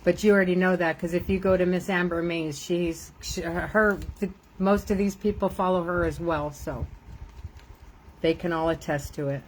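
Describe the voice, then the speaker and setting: A woman's voice: on the low side, fairly even intonation, normal speed, a little hiss or hum, rough recording. An older woman, a grandmother, chatting casually and rambling while she crafts on a live stream, laughing often.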